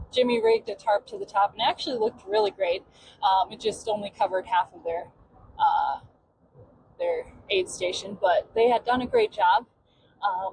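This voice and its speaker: A woman hosting a podcast who tells a story in a loose, chatty way with many "um" fillers. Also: medium pitch. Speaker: podcast host. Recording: clear background noise.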